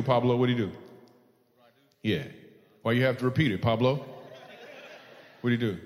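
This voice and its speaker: A male stand-up comedian doing teasing crowd work on stage, laughing often at his own jokes. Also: mid-range voice. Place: live comedy venue. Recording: long hall reverb.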